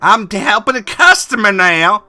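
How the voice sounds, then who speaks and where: Brief: man putting on a high, bright, chatty diner waitress voice. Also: very animated, moderate pace, no echo, soft background music, heavily acted. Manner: chatty, calls people honey. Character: folksy female donut shop waitress.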